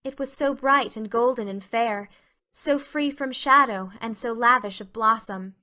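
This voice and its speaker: A woman narrating a classic novel in an expressive storytelling manner. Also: fairly high pitch, a little slow.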